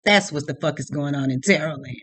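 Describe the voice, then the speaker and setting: A woman's voice: low-pitched, fairly quick, fairly bright tone, breathy edge, dry recording. A woman tarot reader delivering an unscripted rant to her viewers, blunt and heavily profane, laughing now and then at her own points.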